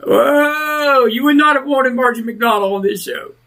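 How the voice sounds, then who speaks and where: A male talk radio host ranting through heated political commentary, fired up and leaning hard on drawn-out emphatic words. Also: very high-pitched, pushed and bright.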